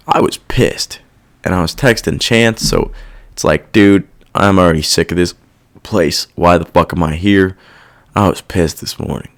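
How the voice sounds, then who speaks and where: A man hosting a casual solo podcast, venting in a profane, irritated rant that rambles and loses its thread. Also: sits low. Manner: rambling, loses his train of thought. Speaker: podcast host. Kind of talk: casual monologue.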